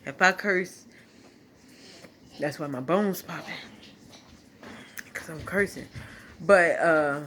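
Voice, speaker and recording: A woman's voice: low-pitched, takes it slowly, long pauses, a bit bright, a little hiss or hum. A tearful woman, giving an emotional casual testimony into her phone at home, laughing and preaching as she talks. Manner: talks through tears, laughing and preaching at once. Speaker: vlogger sharing a testimony. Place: home at night.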